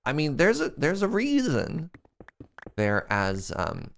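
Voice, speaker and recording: A man's voice: on the high side, wildly swooping pitch, slow, gravelly. A young man streaming a game, chatting casually and joking as he answers chat questions. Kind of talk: casual live-stream chat while playing.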